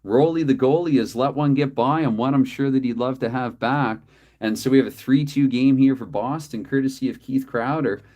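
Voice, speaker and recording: A man's voice: mid-range voice, moderate pace, darkish tone. Chatty man calling a tabletop hockey game. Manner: chatty, self-correcting, apologetic asides. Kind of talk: play-by-play commentary of a dice hockey game.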